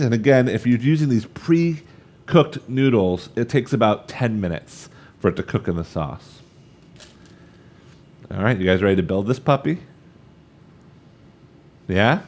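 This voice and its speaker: A man's voice: medium pitch, a little mellow. A man in his thirties leading a live cooking demonstration, chatty and upbeat, talking straight to the viewers as he works. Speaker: cooking instructor.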